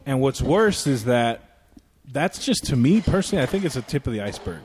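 A man with a mid-range voice, joking and cutting in quickly during loose banter, over a faint hiss. He swears without holding back. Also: mid-range voice, sing-song, darkish tone. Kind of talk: casual chat.

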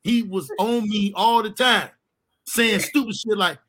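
A high-pitched man at a measured pace shares a comic childhood story over casual chat. He swears freely, laughs frequently, and performs other people's voices with animated energy.

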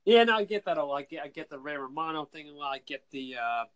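A man's voice: a little high, expressive, fast. A man with a Northeastern US accent, calling in to a casual podcast chat, talking earnestly and repeating himself. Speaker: guest caller.

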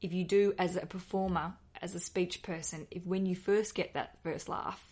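A woman's voice: on the low side, steady tone, normal speed, darkish tone, breathy edge, dry recording. A woman hosts a casual podcast, talking in a chatty, self-mocking way that drifts into asides. Her voice is close and dry, with no room sound behind it. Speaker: podcast host. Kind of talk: casual podcast chat and sign-off.

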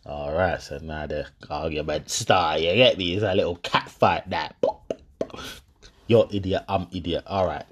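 A young man, talking in a casual monologue. He is animated and streetwise, uses slang, and acts out both sides of an argument. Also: low voice, a little slow.

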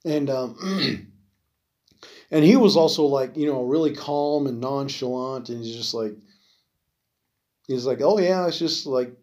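A man's voice: medium pitch, slow, pauses often, darkish tone. A man hosting a podcast, talking in a loose, rambling way with lots of fillers and casual swearing. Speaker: podcast host. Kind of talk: casual solo podcast monologue.

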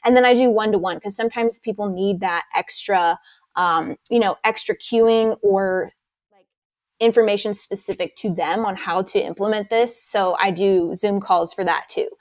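A woman's voice: mid-range voice, moderate pace, no room sound. Enthusiastic woman instructor, dry sound. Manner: enthusiastic and detailed explainer. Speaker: movement instructor. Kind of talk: explanatory interview answers.

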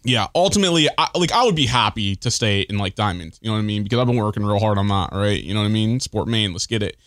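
Excitable male guest with lively pitch. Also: quick pace, no room sound, studio quality. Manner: excitable, slangy, says "dude" a lot. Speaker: returning guest. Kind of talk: casual podcast chat.

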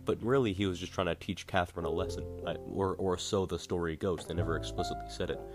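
A man's voice: sits low, fairly even intonation, fast talker. A man casually retelling a play in a rambling, wry way, often correcting himself. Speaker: podcast host. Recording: guitar music playing behind.

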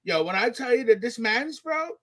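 A young man co-hosting a podcast, telling stories in an animated, profane way. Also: extremely high pitch, moderate pace. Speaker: podcast co-host. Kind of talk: casual chat.

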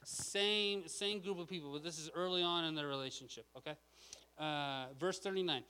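Guy preaching casually, bright voice, keeps saying okay. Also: fairly high pitch, normal speed, clean tone, poor audio. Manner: casual, chatty, lots of "okay?". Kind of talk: sermon.

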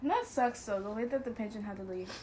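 A woman's voice: a little high, fast talker, a little mellow, a little hiss or hum. A young woman co-hosting a podcast, chatting casually in a giggly, rambling way and apologizing often. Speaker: podcast co-host. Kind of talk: casual chat.

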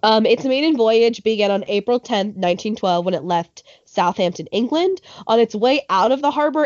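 A woman's voice: medium pitch, darkish tone, no echo. A woman telling a history story in a casual podcast chat, with lots of ums and likes, and correcting herself as she goes. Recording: dull lo-fi sound.

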